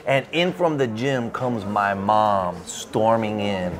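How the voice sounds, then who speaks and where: A man, an author, telling an animated, casual story at a bookstore event, full of "like" fillers. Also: on the low side, takes it slowly, very noisy. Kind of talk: casual anecdote in an interview.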